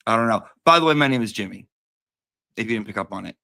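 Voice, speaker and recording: A man's voice: on the low side, lively intonation, fast talker, vocal fry, sharp tone. Rambling, playful man chatting casually. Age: adult with a daughter. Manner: rambling and playful, calls a cat in a sing-song voice. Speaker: host. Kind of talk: casual livestream chat.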